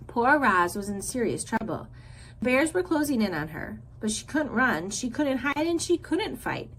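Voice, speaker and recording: A woman teacher reads a children's novel aloud, her voice fairly high and full of lively rises and falls. She tells the story with expressive, engaged pacing. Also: moderate pace, breathy edge, poor audio.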